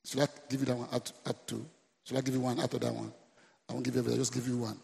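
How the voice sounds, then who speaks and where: A Nigerian man preaching a sermon in a reverberant church hall. His voice is heavily gravelly and sits at a middle pitch. He keeps calling out to the congregation and repeating his lines for effect. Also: flat delivery, rapid-fire, a little mellow. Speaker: pastor.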